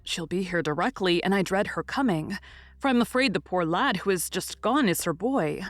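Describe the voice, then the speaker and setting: A woman's voice: fairly low pitch, expressive, normal speed, no echo, close to an everyday voice. A woman reading the lines of a somber male army surgeon in an audiobook. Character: grave male army surgeon, dreading a mother's arrival.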